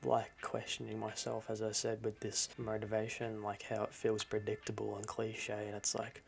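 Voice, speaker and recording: Young male vlogger, low and gravelly, earnest and rambling, casual straight-to-camera update. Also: monotone, moderate pace, slight background noise. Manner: earnest, rambling, self-doubting, lots of fillers. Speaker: fan film creator.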